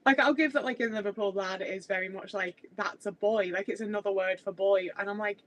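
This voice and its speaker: A woman's voice: mid-range voice, steady tone, brisk, hardly any pauses, rough recording. Chatty woman streamer. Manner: chatty and rambling, full of "like" fillers. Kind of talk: casual livestream chat.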